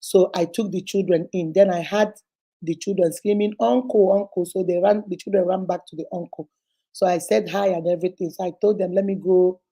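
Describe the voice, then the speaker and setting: A woman's voice: lowish voice, steady tone, fairly quick, dark tone. A woman reading a listener's letter aloud on her relationship advice show, telling it dramatically and acting out the voices in it.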